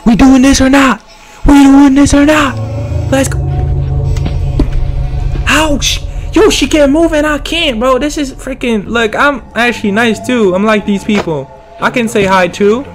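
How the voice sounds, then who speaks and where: A young man doing let's-play commentary, excitable and slangy, yelling orders and trash-talking game characters. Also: very high-pitched, a little slow, music in the background. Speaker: gaming streamer.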